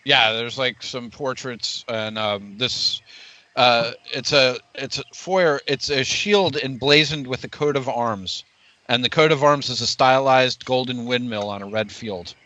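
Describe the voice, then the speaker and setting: A man's voice: medium pitch, a little slow, bright, forceful tone. A man narrating as game master of a tabletop game, rambling with many fillers. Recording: dull lo-fi recording.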